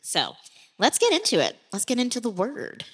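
A woman's voice: fairly high pitch, huge pitch swings, normal speed, fairly bright tone, husky. A woman hosting a podcast, chatting enthusiastically and reading scripture aloud. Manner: enthusiastic, agreeable. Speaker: podcast host. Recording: roomy with long reverb.

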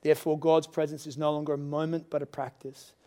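Earnest pastor preaching. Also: male voice, a little high, flat delivery, fast talker. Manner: earnest, confessional, swings to loud pleading. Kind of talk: sermon. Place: church service.

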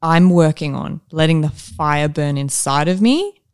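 A woman's voice: low voice, lively intonation, a little slow, a little mellow, clear, resonant tone. A young woman from Africa, an actress chatting candidly as a podcast guest and thinking aloud with fillers. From South Africa. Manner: reflective, candid, talks through thoughts with fillers. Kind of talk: casual interview chat.

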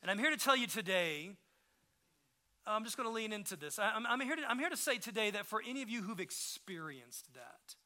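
Bright, tense-voiced male pastor preaching. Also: high voice, big pitch swings, a little fast. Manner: impassioned, swings from hushed to emphatic; conversational asides and restarts. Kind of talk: sermon.

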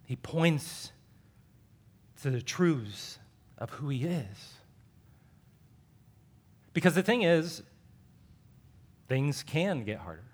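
A man preaching as a pastor in a church, animated, acting out dialogue with rising emphasis. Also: fairly high pitch, very slow, pauses often, breathy edge. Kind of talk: sermon.

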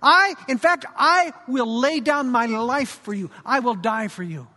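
A man's voice: very high voice, a little slow, sharp tone, full character voice. A man voicing a boastful, blustering fisherman disciple who speaks with vehement emphasis. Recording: long hall reverb.

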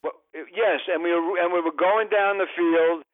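An older comedian spins a long, wandering story on a radio show, cutting himself off and piling on exasperated asides. His voice sits a little high. It comes through a dry, tinny phone line. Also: steady tone, moderate pace, no room sound. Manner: rambling, self-interrupting, exasperated asides. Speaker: comedian, guest.

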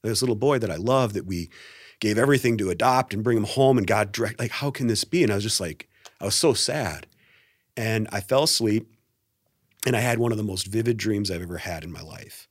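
A man's voice: lowish voice, brisk, no echo, clean studio sound. A middle-aged man, a pastor and guest, telling a personal story in a podcast interview and acting out the quotes. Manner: animated storyteller, acts out quotes.

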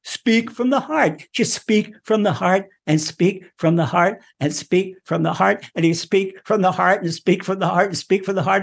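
A man giving a Torah lesson in an animated, repetitive way, acting out prayers and laughing often. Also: high voice, moderate pace, gravelly, hardly any pauses, husky. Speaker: Torah teacher.

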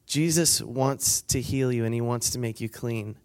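A man's voice: medium pitch, normal speed, darkish tone. A man delivers a conversational sermon to a retreat crowd. He reads scripture, then retells it in his own casual words, playing out the people in the story. He laughs along and gets the listeners to say lines back to him. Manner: conversational, acts out quotes, asks the crowd for responses. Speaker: speaker at a weekend retreat.

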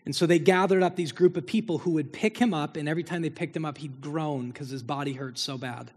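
A man's voice: on the high side, fast, a little mellow, husky. A man preaching a sermon as pastor, building emphasis through repeated phrases. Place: church sanctuary. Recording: long hall reverb.

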